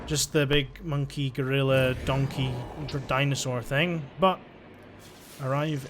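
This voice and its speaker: With background noise behind him, a gamer narrates his play in a steady, mid-range voice at a measured pace. The let's-play commentary is casual and chatty, full of jokes and thinking aloud.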